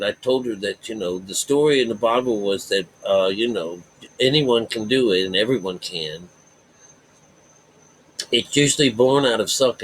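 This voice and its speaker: A man's voice: fairly low pitch, a little hiss or hum, poor audio. A man teaching about the Bible in a rambling way, circling back to repeat his points and leaning hard on key words. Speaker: self-taught Bible teacher.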